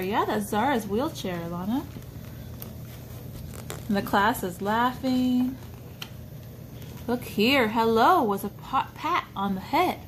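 A woman reads a picture book aloud to a toddler at a slow, unhurried pace. Her high voice swings widely as she coaxes and asks the child questions about the pictures. A faint hiss sits under the recording. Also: expressive. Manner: sing-song, coaxing, points at pictures and asks the child questions. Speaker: storybook reader for a child.

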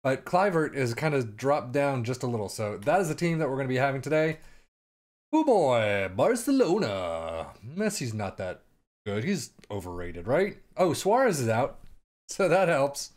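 Very animated, at a medium pitch and moderate pace, this gaming commentator rambles sarcastically over his own soccer management game. Now and then he drops into a mock announcer voice.

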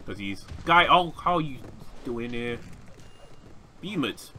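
A young man giving casual, excitable gameplay commentary, often shouting at opponents. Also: mid-range voice, unhurried, long pauses, soft background music. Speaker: gaming YouTuber.

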